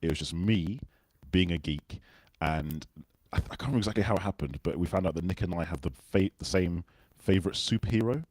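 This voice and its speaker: A man's voice: sits low, a little fast, darkish tone, no echo. A British man hosting a casual livestream chat, rambling and self-deprecating as he talks. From Britain. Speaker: livestream host.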